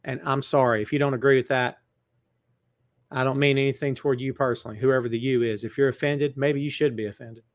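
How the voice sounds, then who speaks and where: A man's voice: medium pitch, level tone, fast talker, dry recording. A middle-aged man hosting a wrestling show from a large building, chatting casually with viewers and greeting them by name. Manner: earnest, somber when turning serious. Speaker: wrestling podcast host. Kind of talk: casual live-stream chat. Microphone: webcam setup.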